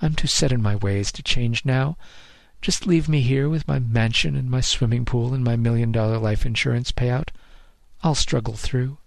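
A man's voice: mid-range voice, moderate pace, creaky, a little mellow, no room sound, natural voice. A man voicing a proud, weary middle-aged mother who is set in her ways, reading her lines in a story. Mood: wistful.

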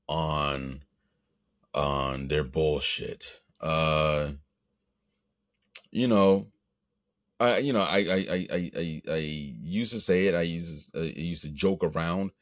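A Latino man hosting a podcast, rambling through a profane, animated rant with the odd put-on voice. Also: a bass voice, no echo, clean studio sound. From Latino, grew up in the US. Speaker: podcast host. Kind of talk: casual monologue.

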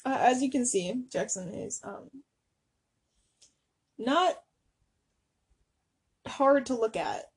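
High-voiced young woman teasing dryly. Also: lively intonation, slow pace, long pauses, husky. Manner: teasing, dry quips. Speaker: podcast co-host. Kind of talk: casual teasing chat.

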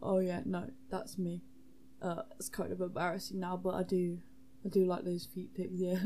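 A woman's voice: on the low side, monotone, normal speed, dark tone, slight background noise, natural voice. A tipsy woman voicing an awkward, shy male student fan who stammers and hesitates. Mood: sheepish.

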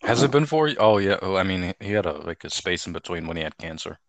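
A young man with a lowish voice that swings up and down a lot as he talks. He is wry and teasing, tossing out offhand takes, and sounds close and dry with no echo. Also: lively intonation, fast. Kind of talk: casual chat.

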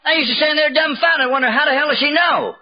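A man's voice: extremely high pitch, fast talker. An older man giving a humorous personal talk at a recovery meeting, a wry, self-mocking storyteller with a knack for comic timing. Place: live talk at a gathering. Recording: dull, lo-fi old tape recording with faint hiss.

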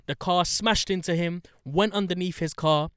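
Young guy ranting bout his day, voice sits a bit high, swears a lot, dry close sound. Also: normal speed, clear, resonant tone, no echo. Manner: animated storyteller, swears, gets heated and high when indignant. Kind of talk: casual chat.

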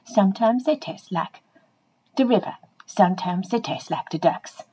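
A woman's voice: medium pitch, moderate pace, dark tone, breathy edge, natural voice, poor audio. A woman voicing a playful, chatty pet dog, speaking straight to the listeners in a comic monologue.

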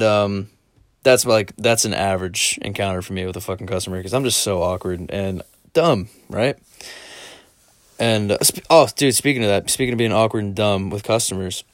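A man's voice: lowish voice, dry recording, studio quality. A young man telling crude, self-deprecating stories in a casual solo podcast, rambling and laughing. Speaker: solo podcaster and store clerk.

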